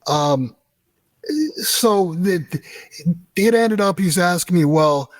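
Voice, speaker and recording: Animated storytelling man, dry close sound. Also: high voice, slow pace, no echo. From United States. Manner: animated, profane storyteller acting out dialogue. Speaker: guest. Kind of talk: storytelling in an interview.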